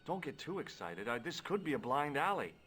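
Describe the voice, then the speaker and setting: A man's voice: on the high side, very animated, fairly quick, a bit bright, a little hiss or hum. An actor voicing a curious, wry young male adventurer in a video game, talking casually and inquisitively. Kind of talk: video game voice acting with narration.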